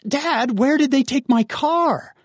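A man voicing a panicked teenager who pleads with his father, his voice pitched high. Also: no room sound, studio quality. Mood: pleading. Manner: high, pleading, drawn-out questions. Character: panicked teenager demanding answers from dad.

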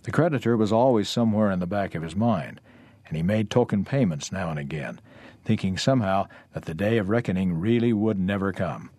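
A man reading a parable aloud for a lesson in a measured, even way. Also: low voice, husky, dry recording. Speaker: reader of a lesson text.

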